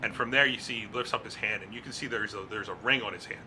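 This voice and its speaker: A man's voice: lowish voice, quick pace, noisy background. A man narrating a tabletop game as game master, describing scenes casually with frequent fillers.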